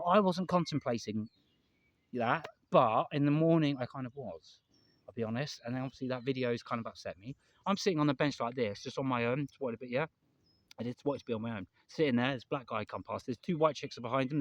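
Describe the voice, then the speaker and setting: A man's voice: mid-range voice, dry recording. An English man vlogging outdoors in a park, rambling and emphatic, repeating himself and swearing now and then. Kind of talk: candid vlog monologue.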